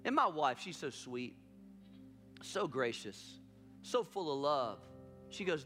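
A man's voice: on the high side, big pitch swings, slow pace, over music. A man preaching a sermon as pastor, telling a story with emphatic repetition.

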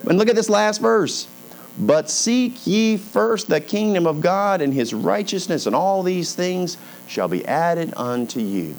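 A man, a pastor, preaching a conversational sermon, reading scripture slowly and dropping softly when he voices God's words. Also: fairly high pitch, slight background noise.

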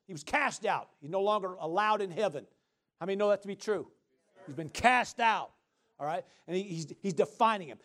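A middle-aged man preaches with energy, using a high voice at a quick pace. He calls questions out to the congregation and answers them himself, with shouting and laughter.

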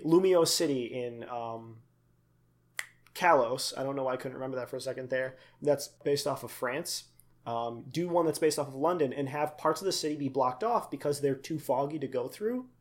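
A young man co-hosting a casual podcast, rambling with lots of fillers and asides. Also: medium pitch. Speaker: podcast co-host. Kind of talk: casual chat.

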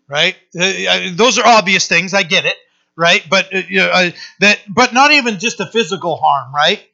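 A male pastor preaching a conversational sermon, often pausing with fillers and restarting his sentences. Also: high voice, expressive, creaky, bright, forceful tone, muffled recording.

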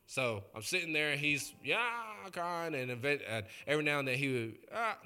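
Guy pastor telling stories in a sermon, chatty and jokey, sharp bright voice, mid pitch. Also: fairly quick, hardly any pauses, smooth, faint music behind. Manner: chatty, joking, addresses the congregation directly. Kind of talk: conversational sermon storytelling.

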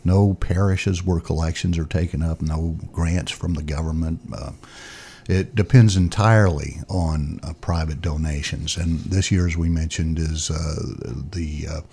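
A man's voice: rumbling low, fairly even intonation, measured pace, vocal fry, warm tone, a little hiss or hum. A man hosting a radio interview, asking questions and appealing for donations. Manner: conversational, asks questions, makes appeals. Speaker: radio host.

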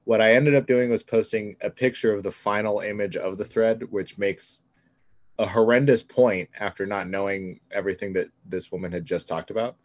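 Man, low-pitched, rambling, swears freely, casual podcast chat, dry sound. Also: fairly even intonation, moderate pace, dry recording. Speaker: podcast co-host.

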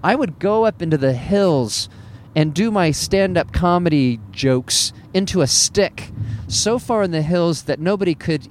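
Animated, fairly high-voiced male comedian. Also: slight background noise. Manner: animated, self-deprecating, with wry laughs. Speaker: stand-up comedian. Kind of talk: casual motivational monologue.

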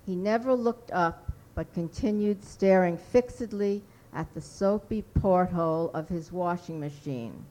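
A woman reads her own short fiction aloud to a workshop group. Her voice sits low and her pace is slow and deliberate, lingering on each phrase. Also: mellow, rough recording. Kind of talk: reading a story aloud.

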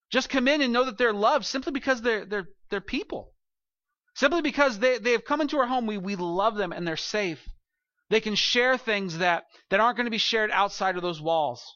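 Bright-voiced casual young pastor, lo-fi. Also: male voice, high voice, dry recording. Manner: casual and self-deprecating, many restarts and "like" fillers. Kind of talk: conversational sermon.

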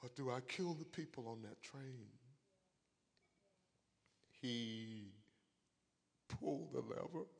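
A man preaching a sermon, moving from a quiet story to shouted, crying high points. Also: slow pace, gravelly, long pauses, breathy edge, in a large hall. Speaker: pastor.

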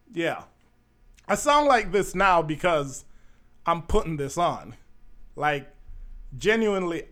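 Man, 30s, from Jamaica, podcast host, casual monologue, slightly high pitch, blunt, chatty. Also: fairly bright tone. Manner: candid, blunt, chatty with many fillers.

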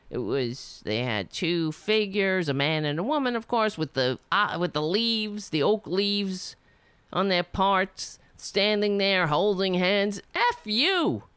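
Rambling, indignant woman with lively pitch. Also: no room sound. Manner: rambling, indignant, profane, trailing off. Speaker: storyteller. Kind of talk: personal storytelling monologue.

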